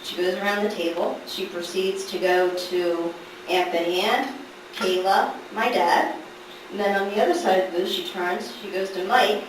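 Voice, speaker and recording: A middle-aged woman telling a family story to a live audience, animated and laughing through the funny parts. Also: medium pitch, moderate pace. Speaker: daughter telling a story at a gathering. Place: large echoey room at a family gathering. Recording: echoey room, far from the mic, background noise.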